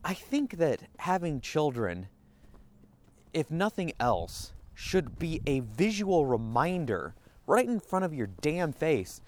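Male podcast host, solo monologue, animated pitch, rambling self-corrections. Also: slow. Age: adult parent. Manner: rambling, self-interrupting, acts out quoted voices.

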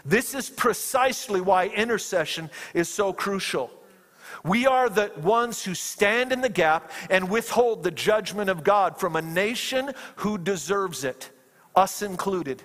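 This impassioned preacher is animated and unhurried, his tone fairly bright, and he keeps repeating himself. Quoting fervent prayers sends his voice rising. The recording carries a big hall's long reverb.

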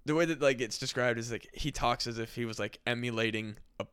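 A man's voice: medium pitch, quick pace, a bit bright, clean tone, no room sound, clean studio sound. A man hosting a podcast, telling a story in rambling casual chat full of fillers and swearing. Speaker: podcast host.

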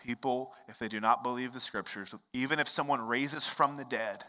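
Bright-voiced pastor preaching in a big hall. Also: male voice, medium pitch, normal speed. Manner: conversational storytelling with swings from hushed to loud and emphatic. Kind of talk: sermon. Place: large church hall. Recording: long reverb of a large hall.

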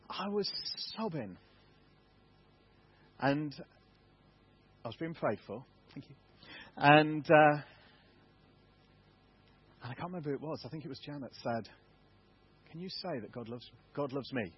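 A man's voice: fairly high pitch, breathy edge, muffled recording. An English man, a church elder, giving a candid, self-deprecating testimony sermon in a church. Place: church hall.

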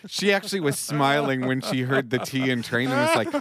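A man co-hosting a podcast in casual chat, teasing his co-hosts with quick jokes. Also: mid-range voice, animated, crowd noise. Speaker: podcast co-host.

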